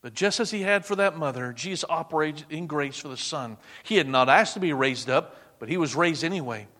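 A male preacher gives a dramatic, animated sermon at a fairly quick pace, his voice sitting high. He drops to a hush when quoting words, and a long reverb from a large hall trails every phrase.

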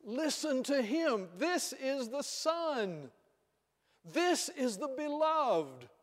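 A preacher acting out a stern divine voice from a cloud that gives blunt commands. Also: male voice, very high-pitched, big pitch swings, extremely slow, voice pushed up, exaggerated voice. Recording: reverberant hall, off-mic.

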